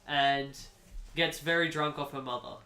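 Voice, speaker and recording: A man telling a made-up story for laughs, with a deadpan and animated delivery. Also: fairly high pitch, a little slow, reverberant, a little hiss or hum. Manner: animated, deadpan nonsense told as fact. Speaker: podcast co-host. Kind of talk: comedic improvised storytelling.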